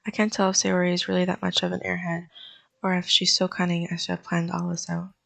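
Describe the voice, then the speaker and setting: A woman's voice: on the low side, completely flat delivery, quick pace, gravelly, fairly bright tone. A woman hosting a gaming channel, reading a visual novel's narration aloud with dry, wry asides.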